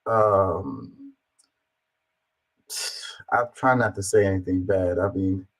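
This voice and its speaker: A man's voice: sits low, slow pace, low-quality recording. A man giving casual, amused reaction commentary on video clips, with a laid-back delivery and lots of fillers.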